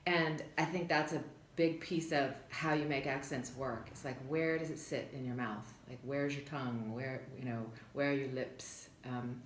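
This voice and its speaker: A woman's voice: very deep voice, fairly even intonation, moderate pace, few pauses, reverberant, a little hiss or hum. A voice actress in a casual interview, telling reflective, rambling anecdotes about her work.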